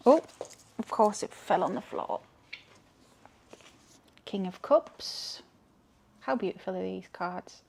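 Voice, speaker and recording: A woman's voice: medium pitch, takes it slowly, gravelly, long pauses, a little mellow, a little hiss or hum. A woman with a Geordie accent, chatting frankly to camera as a tarot reader and rambling as she goes. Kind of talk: casual chat to camera.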